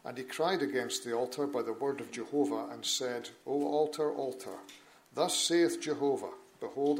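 Man reading scripture aloud, measured. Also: medium pitch, a little hiss or hum, rough recording. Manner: measured, steady reading of old-fashioned scripture with brief asides to the listeners. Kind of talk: Bible reading at a church meeting.

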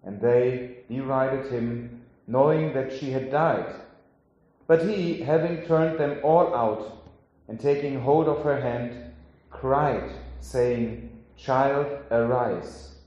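A man preaching, reading scripture aloud and then giving a sermon in a slow, solemn way. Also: mid-range voice, darkish tone, lo-fi sound. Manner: slow, solemn delivery with drawn-out phrases. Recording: very echoey hall.

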